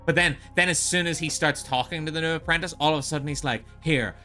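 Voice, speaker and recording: A man's voice: a little high, steady tone, quick pace, bright, forceful tone, soft background music. A male streamer in casual live-stream chat, rambling and opinionated with frequent swearing.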